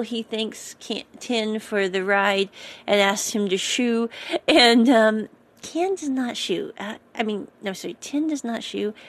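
A woman talks through a series episode in a loose, chatty recap. Her voice sits a little on the high side. She rambles and keeps stopping to correct herself mid-sentence. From United States.

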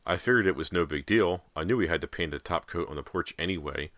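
A defiant teenage girl from a spooky storybook, hushed and urgent, her voice pitched up over a bright, pressing tone, as a man reads her. Dry and close to the ear. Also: fast, no echo. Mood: desperate.

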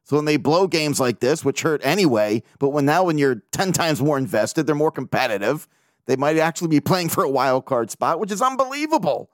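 A man hosts his own podcast alone, talking in a loose, rambling way with jokes and casual swearing. His voice sits on the higher side for a man. The recording is close and completely dry, with no room sound. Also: lively intonation, a little fast, dry recording. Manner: rambling, joking, swears freely. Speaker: podcast host. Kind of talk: casual solo podcast chat.

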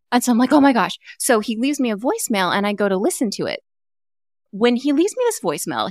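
A woman's voice: medium pitch, dry recording, studio quality. A woman hosting a podcast who chats casually and tells stories with lots of energy. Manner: animated storyteller. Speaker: podcast host. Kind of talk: casual interview chat.

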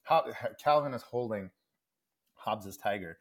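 A man talking as a podcast guest in an enthusiastic, animated discussion who often restarts his sentences mid-thought. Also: medium pitch, moderate pace, breathy edge. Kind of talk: animated book-club discussion.

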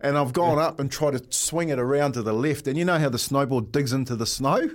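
A man's voice: medium pitch, fairly quick. NZ male co-host, cheeky yarn-spinner, laughs through his lines. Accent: New Zealand. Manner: laughing storyteller, says "mate" often. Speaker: breakfast radio host. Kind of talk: casual radio storytelling.

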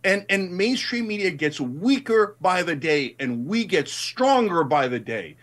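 A man's voice: high voice, big pitch swings, unhurried, a bit bright. A middle-aged man in a heated political debate, emphatic and passionate, rising to indignant outbursts. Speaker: guest commentator.

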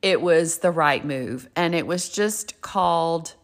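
A low-voiced woman in her fifties speaks with candor about her own life. She talks in a frank, chatty way and swears casually as she shares her story and offers advice. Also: slow. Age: 50s. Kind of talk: candid personal storytelling and advice.

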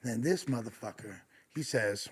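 A man telling a long, profane story on a podcast, animated, with lots of fillers and restarts. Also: mid-range voice, moderate pace, slightly rough. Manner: animated, swears a lot, many fillers and restarts.

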